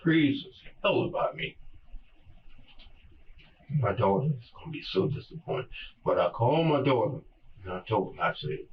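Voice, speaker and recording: An older man giving a slow, repetitive and emotional statement in a police interrogation, heard through muffled recording. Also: mid-range voice, expressive, a little hiss or hum. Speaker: murder suspect in interrogation. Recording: muffled, distant interrogation room audio.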